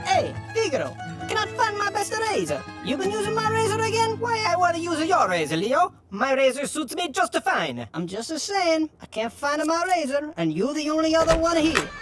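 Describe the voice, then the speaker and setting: Boisterous cartoon barbers. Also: male voice, very high-pitched, very animated, normal speed. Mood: bickering. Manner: boisterous, bickering, theatrical. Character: two excitable vegetable barber brothers, middle-aged men. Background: background music.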